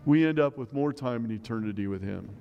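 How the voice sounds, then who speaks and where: This middle-aged pastor speaks briskly in a creaky, medium-pitched voice, and the sound is lo-fi. His sermon in the church sanctuary is earnest and conversational, with many rhetorical questions, under a long hall reverb.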